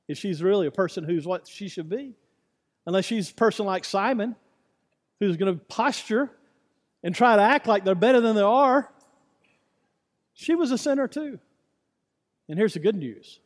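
Pastor, male, high-pitched voice, emphatic repeating sermon delivery, long church reverb. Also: expressive, moderate pace, pauses often. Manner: repetitive, emphatic preaching with rhetorical questions. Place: church sanctuary.

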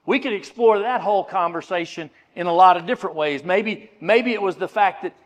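A man preaching a sermon in earnest, slowing down and dropping to a near hush on key phrases. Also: sits high, long reverb tail. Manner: earnest preaching, slows and drops to a hush for emphasis. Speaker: pastor.

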